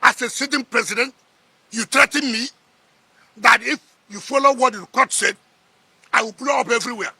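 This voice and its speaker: A man's voice: extremely high pitch, normal speed, creaky, pauses often, sharp tone, husky, no room sound. A middle-aged man with a Nigerian accent, a politician sparring in a heated press interview, combative and scoffing, repeating his words.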